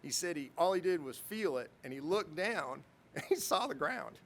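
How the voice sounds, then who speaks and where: A man's voice: on the high side, animated, moderate pace. A middle-aged man, a military pilot, giving a storytelling speech at a ceremony with self-deprecating humor and chuckles. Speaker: guest speaker, military pilot.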